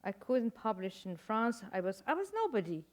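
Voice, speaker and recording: An older woman with a Persian accent, a native Persian speaker, telling stories as a guest author in a reflective interview, halting and searching for words with wry humor. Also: a little high, big pitch swings. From Iran.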